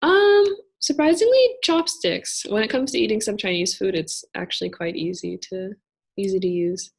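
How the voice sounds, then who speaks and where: A young woman answering questions in a casual Q&A, explaining patiently and thoughtfully, often pausing with fillers. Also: mid-range voice, expressive, vocal fry. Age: young adult. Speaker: student cultural navigator.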